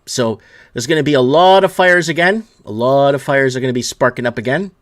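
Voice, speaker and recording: A man's voice: medium pitch, a little fast. A man hosting a solo news commentary show, reading headlines and ranting angrily with lots of swearing, stumbling and repeating himself as he gets worked up. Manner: angry, profane ranting, reading headlines aloud. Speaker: host.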